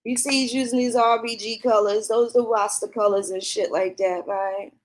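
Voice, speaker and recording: Profane ranting woman, high voice. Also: steady tone, moderate pace. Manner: profane, heated, mocking. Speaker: commentary vlogger. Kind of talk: ranting commentary.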